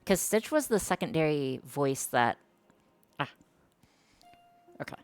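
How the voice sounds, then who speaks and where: A woman with a remarkably low voice chats casually with her stream audience. She talks hesitantly and self-consciously, with frequent fillers and restarts, while faint music plays underneath. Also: big pitch swings, unhurried, clear, resonant tone, no room sound. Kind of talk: casual live-stream chat.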